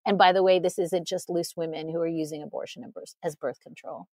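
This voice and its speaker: A woman's voice: fairly low pitch, steady tone, quick pace, darkish tone, dry recording. A woman guest on an interview, speaking earnestly and articulately with frequent "you know" fillers and short laughs. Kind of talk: conversational analysis.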